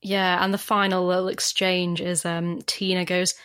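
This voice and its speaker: Woman, podcast host, casual recap, relaxed, laughing. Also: lowish voice, moderate pace, hardly any pauses. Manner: relaxed storytelling, laughs often. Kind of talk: casual chat recapping an episode.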